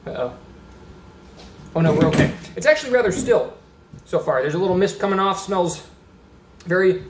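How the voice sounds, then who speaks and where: A man's voice: high voice, expressive, moderate pace, long pauses, a little hiss or hum. A man from Austin, Texas, chatting casually through a beer review at a table, rambling and reading labels aloud. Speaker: beer reviewer, channel host. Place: indoors at a table. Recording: roomy echo.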